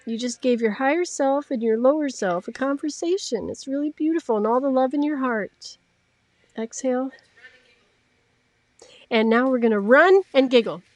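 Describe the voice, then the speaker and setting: A woman's voice: sits high, moderate pace, a little mellow. A woman leading a guided laughter yoga class, playful and encouraging, often breaking into giggles. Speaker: yoga instructor.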